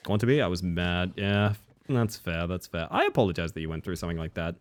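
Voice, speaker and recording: A man's voice: low-pitched, lively intonation, fast talker. A man streaming a video game live, chatting casually with his viewers, laughing often and swearing freely. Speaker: livestreamer. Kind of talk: casual live gaming commentary.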